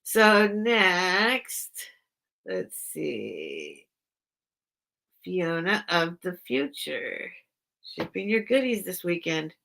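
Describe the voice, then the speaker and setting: Woman host of a live sale stream, bright, forceful tone, rambling and giggly with her chat. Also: lowish voice, big pitch swings, very slow, vocal fry, long pauses. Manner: rambling, chatty, often breaks off mid-sentence; apologetic and giggly with viewers. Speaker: online seller hosting a live sale stream. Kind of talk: casual livestream chat.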